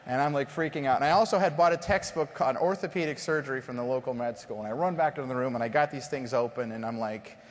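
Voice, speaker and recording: A middle-aged man, a company founder, being interviewed onstage and telling animated stories that act out dialogue. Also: mid-range voice, fast, few pauses. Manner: animated storyteller, acts out dialogue. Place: conference stage before an audience. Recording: long hall reverb from stage.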